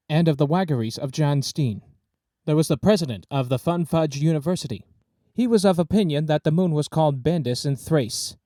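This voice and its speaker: A man narrating a classic short story in a measured, lightly theatrical way. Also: on the high side, dark tone, no echo, studio quality. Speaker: audiobook narrator.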